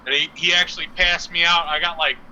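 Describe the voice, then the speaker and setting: A man's voice: a little high, little pitch movement, fast, pushed and bright, highs cut off, slight background noise. A man co-hosting a live stream show, telling crude stories with a lot of swearing and laughter. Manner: profane, laughing, storytelling. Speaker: co-host. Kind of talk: crude casual chat.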